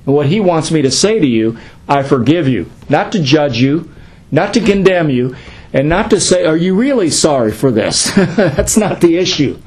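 A man's voice: fairly high pitch, animated, normal speed, darkish tone, poor audio. Man pastor teaching a class. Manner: conversational, asks questions and answers them.

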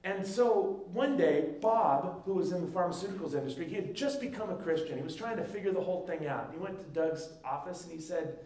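A man's voice: high-pitched, a little fast, few pauses. A male pastor telling a story in a sermon, acting out the voices of the people in it. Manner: lively storyteller who acts out the dialogue. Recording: echoey room, mic at a distance.

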